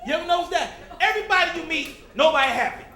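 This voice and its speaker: High-voiced, animated male stand-up comic. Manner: animated, teasing the crowd, jumps into quick character voices. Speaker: stand-up comedian. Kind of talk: stand-up comedy routine. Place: comedy club stage before a live audience. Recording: echoey club with crowd laughter.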